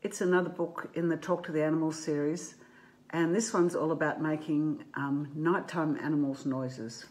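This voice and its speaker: A woman gently reading her picture book aloud to children, making playful animal noises now and then. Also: low voice, fairly even intonation, normal speed.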